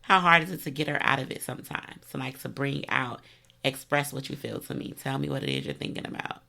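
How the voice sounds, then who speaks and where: A middle-aged woman hosting a casual interview, chatty and quick to laugh. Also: rumbling low, vocal fry. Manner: chatty, laughs easily, animated when telling stories. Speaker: podcast host.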